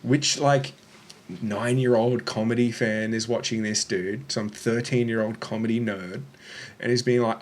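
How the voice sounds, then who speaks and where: A man tearing into what he watches with sarcastic, swearing commentary. His voice sits at an ordinary middle pitch, and he talks bluntly and mockingly. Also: steady tone, measured pace. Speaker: reaction video host.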